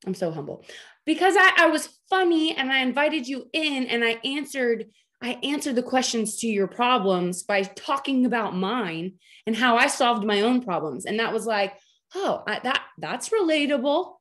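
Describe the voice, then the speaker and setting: A woman's voice: a little high, animated, moderate pace, a bit bright. A woman in her thirties coaching her team on a video call, chatty and joking, with frequent emphatic "okay?" check-ins. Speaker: team leader training her sales team. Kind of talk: training talk on a video call.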